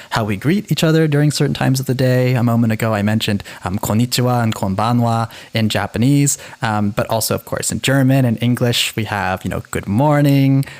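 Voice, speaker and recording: Male co-host, casual podcast chat, animated delivery with restarts, mid pitch. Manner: animated, self-interrupting.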